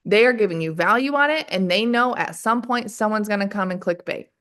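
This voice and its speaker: Peppy woman coaching a sales team. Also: medium pitch. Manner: energetic, keeps calling the audience "you guys"; rapid rhetorical questions. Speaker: sales team leader training distributors. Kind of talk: motivational training call.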